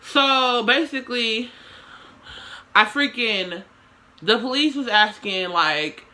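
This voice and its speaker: A woman's voice: a little high, slow pace, bright, forceful tone. A young woman telling a story to her camera in casual slang, with swearing and lots of dramatic asides.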